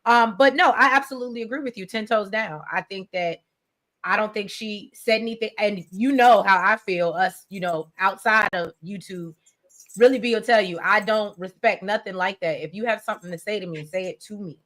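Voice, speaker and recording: Woman, co-host, casual recap chat, frank, agrees a lot, mid pitch. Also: normal speed, a bit bright. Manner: agreeable, frank, greets viewers.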